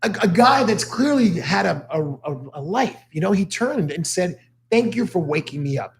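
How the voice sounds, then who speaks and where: A man talking fast and with energy, telling stories as a motivational guest on a talk show. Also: sits high, sing-song, gravelly. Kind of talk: casual talk show conversation. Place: studio.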